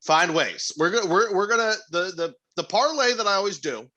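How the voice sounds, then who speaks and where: Bright-voiced, profane male co-host. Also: high voice, animated, brisk. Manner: profane, laughing storyteller. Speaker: podcast co-host. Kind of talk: casual chat.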